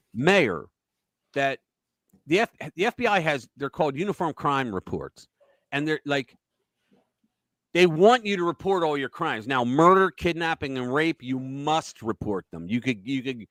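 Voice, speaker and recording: A man's voice: on the high side, fairly bright tone, no room sound. A man hosting a casual political talk livestream, rambling through stories bluntly and with profanity. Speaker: host.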